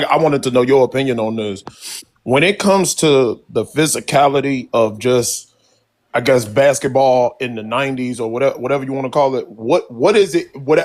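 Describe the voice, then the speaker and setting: A man co-hosting a casual sports talk show, asking long rambling questions full of restarts and hesitations. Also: mid-range voice. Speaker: podcast co-host.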